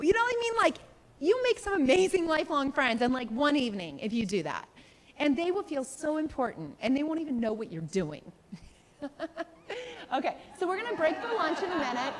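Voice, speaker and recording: A woman's voice: sits high, sing-song, fairly quick. A woman in her forties teaching a live sales workshop, chatty and full of questions for the room, often acting out quoted voices. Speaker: sales trainer. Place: conference room with a live audience. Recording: reverberant training room.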